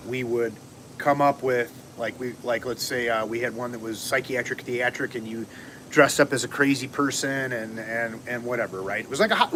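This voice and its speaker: A man telling a long story on a casual livestream, rambling and animated, acting out what people said. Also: mid-range voice, a little hiss or hum. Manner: rambling, animated, acts out quotes.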